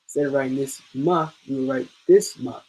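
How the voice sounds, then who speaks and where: A man's voice: mid-range voice, fairly quick, darkish tone, breathy edge, low-quality recording. A man teaching an online class, patiently drilling each point and repeating it step by step.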